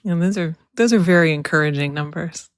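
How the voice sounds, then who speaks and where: A woman's voice: low-pitched, a little fast, no echo, clean studio sound. A woman hosting a podcast, reflective and encouraging as she responds to her guest. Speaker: podcast host. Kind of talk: casual podcast conversation.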